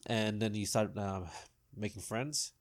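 Laid-back low-voiced man chatting. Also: fairly even intonation, measured pace. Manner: laid-back, loose, with many fillers. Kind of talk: casual chat.

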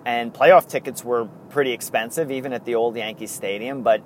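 A middle-aged man, co-hosting a casual podcast and telling rambling stories in excited bursts. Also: mid-range voice, fairly quick, a little hiss or hum. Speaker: podcast co-host. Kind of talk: casual chat.

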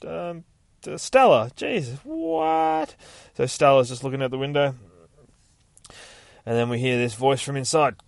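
A man hosting a podcast, casually recapping a comic book in a rambling, sweary, excitable way. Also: medium pitch, measured pace, creaky, pauses often, no room sound. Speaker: podcast host.

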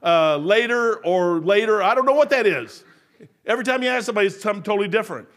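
A man's voice: high voice, lively intonation, fast. Older man preaching folksy. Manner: storytelling, emphatic, swings from mutter to loud. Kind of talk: folksy sermon.

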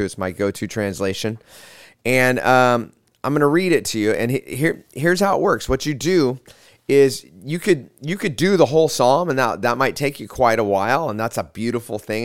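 A man teaching a guided prayer method in a relaxed, halting way, with slow, drawn-out readings. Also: medium pitch, clean tone, dry recording, clean studio sound. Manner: relaxed, halting, with many fillers and restarts. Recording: spa music playing behind. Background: soft spa music.

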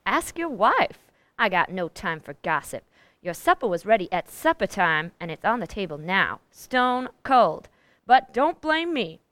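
An actress playing a gruff, bossy, middle-aged hired cook who talks in a blunt, folksy way, in 1940s radio acting. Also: female voice, medium pitch, sing-song, unhurried, fairly bright tone, no room sound. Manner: blunt, folksy, ordering people about.

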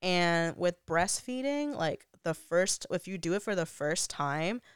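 A woman's voice: on the low side, expressive, unhurried, smooth, dry recording, studio quality. A young woman vlogger telling a personal story in a casual, chatty way, full of "like" fillers and frequent laughs. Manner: laughs often while talking.

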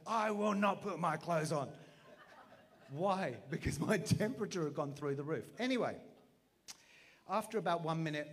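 A man, preaching through a funny personal story with a self-mocking, animated manner and acted-out voices. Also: on the high side. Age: 40s. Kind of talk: storytelling sermon.

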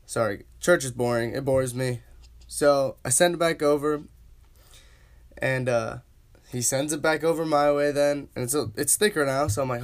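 Young male host, casual storyteller, mid-pitched, slangy and relaxed, chuckles through anecdotes. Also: normal speed. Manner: laid-back, slangy, laughs while telling. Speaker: podcast host.

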